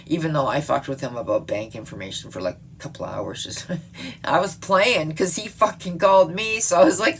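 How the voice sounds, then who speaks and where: Low-voiced woman rambling late at night. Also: big pitch swings, brisk, a little hiss or hum. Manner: rambling, swearing, laughing often. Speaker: vlogger. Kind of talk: late-night casual monologue to viewers.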